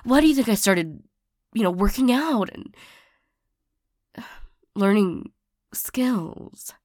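A young woman playing the listener's hurt ex-lover turned bodyguard in an audio role-play. She talks haltingly, stammering and sighing often. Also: mid-range voice, expressive, a little mellow, dry recording, studio quality. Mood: flustered. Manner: halting, stammering, frequent sighs.

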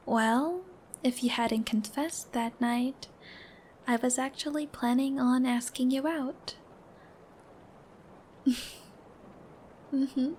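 A woman's voice: high voice, steady tone, slow, long pauses, slight background noise. A woman as a giggly, shy young girlfriend. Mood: shy, tender. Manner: giggly, babbling, soft and affectionate. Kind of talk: whispered role-play.

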